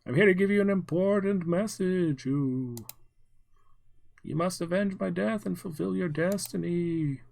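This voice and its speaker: A man voicing a dramatic male spirit who delivers a prophecy in a drawn-out, moaning way. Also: high voice, vocal fry, a little mellow, no echo, voice pushed up. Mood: ghostly, solemn. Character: spectral wailing male spirit messenger, dramatic.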